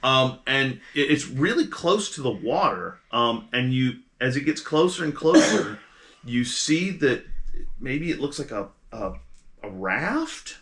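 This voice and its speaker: A man narrating as game master of a tabletop game, in a halting way with many restarts. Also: mid-range voice, big pitch swings, fairly bright tone.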